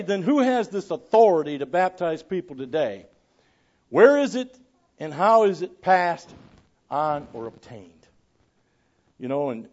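Preaching man with a high, rising voice. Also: muffled recording. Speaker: pastor. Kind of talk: sermon.

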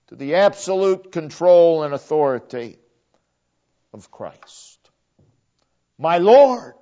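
A man preaching a sermon, emphatic, repeating phrases for stress. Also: high voice. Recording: dull lo-fi recording.

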